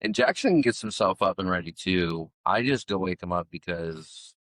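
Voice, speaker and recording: A man's voice: deep voice, animated, normal speed, a bit bright, no room sound. A middle-aged man co-hosting a podcast, telling stories in rambling casual chat full of fillers. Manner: rambling storyteller, many fillers. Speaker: podcast co-host.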